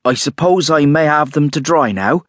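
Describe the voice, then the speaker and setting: A man's voice: fairly high pitch, big pitch swings, measured pace, breathy edge, no echo, studio quality, voice pushed up, heavily acted. A man doing a fussy landlady. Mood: flustered. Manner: fussy, flustered, rustic country speech. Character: bustling middle-aged village landlady.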